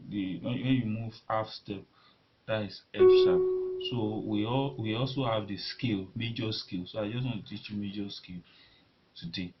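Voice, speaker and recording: A man teaching a beginner piano lesson, talking in a halting way and repeating words as he demonstrates at the keyboard. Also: fairly low pitch. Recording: lo-fi recording with loud piano. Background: piano notes being played.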